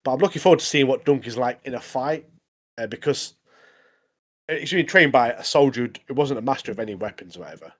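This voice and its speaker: A man's voice: mid-range voice, a little fast. A man co-hosting a podcast, joking casually, saying "mate" a lot and laughing often. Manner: jokey, says "mate" constantly, laughs a lot. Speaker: podcast co-host. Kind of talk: casual chat.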